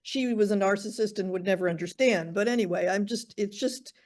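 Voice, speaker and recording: A woman's voice: medium pitch, a little fast, darkish tone. Hesitant woman trainee sharing a view. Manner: hesitant, restarts often. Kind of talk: group discussion comment.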